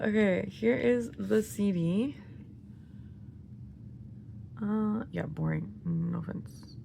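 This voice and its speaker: Giggly excitable woman with a gravelly voice. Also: mid-range voice, slow pace, pauses often, slight background noise. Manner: excitable, gushing, giggly, often half-whispered. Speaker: vlogger unboxing albums. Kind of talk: casual unboxing chat.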